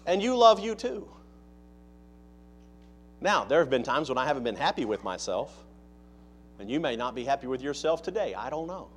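Delivering a sermon with a sing-song, medium-pitched voice, this pastor keeps a moderate pace and pauses often, with slight background noise audible. His style is conversational, full of rhetorical questions for the congregation, swinging from loud emphasis to quiet asides.

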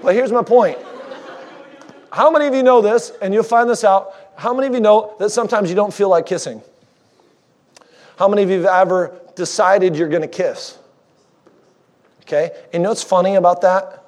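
A man's voice: high voice, moderate pace, pauses often, darkish tone. A man preaching a sermon as a guest speaker, conversational and joking with the congregation, married fifteen years.

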